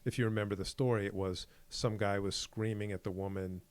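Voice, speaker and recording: A man's voice: on the low side, fairly quick, slight background noise. A man co-hosting a podcast in casual chat, telling stories animatedly and acting out what people said. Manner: animated storyteller who acts out quoted exchanges. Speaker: podcast co-host.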